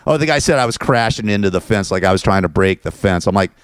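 Male show host, low and smooth, rambling frustrated monologue. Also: animated, quick pace, no room sound. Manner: frustrated, repetitive, venting.

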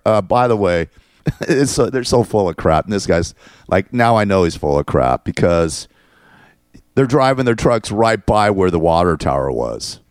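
A man's voice: low voice, big pitch swings, moderate pace, dry recording, studio quality. A man hosting his own show, ranting in a crude, sarcastic and mocking way. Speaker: show host. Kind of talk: ranting monologue.

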